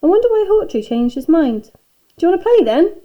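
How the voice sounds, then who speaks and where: A woman's voice: fairly high pitch, quick pace, dull audio. A woman reading an eager, sporty schoolboy. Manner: eager, excited.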